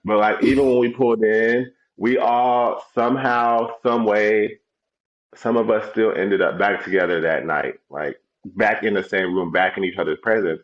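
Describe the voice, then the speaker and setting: A man's voice: fairly low pitch, fairly even intonation, normal speed, echoey room, lo-fi sound. A young man co-hosting a casual podcast, talking in a loose, laid-back way and swearing freely. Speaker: podcast co-host. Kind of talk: casual chat.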